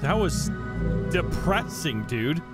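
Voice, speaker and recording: A young man playing a horror game and reacting out loud, jumpy and swearing, losing his voice. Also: on the high side, very animated, slow pace. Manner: jumpy, swearing, talking to himself. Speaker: gaming channel host. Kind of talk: let's play commentary. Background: loud game music.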